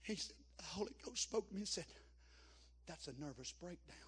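A man preaching a Pentecostal camp meeting sermon, rising to chanted shouts and dropping to a hush. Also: expressive, a little fast, slightly rough. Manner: shouting, chanting cadence at its peaks, then dropping low and hushed.

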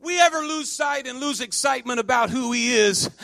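Man preaching, real high gravelly voice, dry sound, swings from shouting to quiet. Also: brisk, no echo. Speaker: pastor. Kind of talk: sermon. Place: church at a men's conference.

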